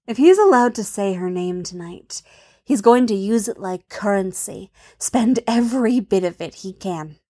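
Soft-voiced woman narrating a story. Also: medium pitch, animated, moderate pace. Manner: soft, intimate, often dropping to a hush. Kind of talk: reading an adult fan fiction story.

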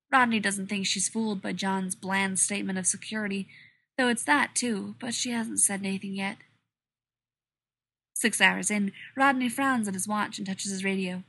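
A woman reading a story aloud in a steady, even narration. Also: medium pitch, breathy edge. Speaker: audiobook reader. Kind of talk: scripted narration.

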